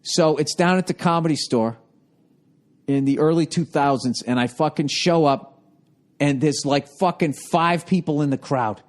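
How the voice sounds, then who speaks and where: A man's voice: a little high, normal speed. A man in his forties with a Boston accent, telling a profane, exasperated story in a ranting monologue. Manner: profane, exasperated storytelling, jumps into loud mock voices. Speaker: podcast host.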